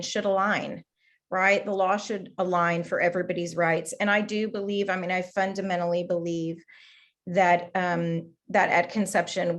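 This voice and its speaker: A woman from Texas, a debate speaker, answering questions earnestly and haltingly over a video call. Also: on the low side.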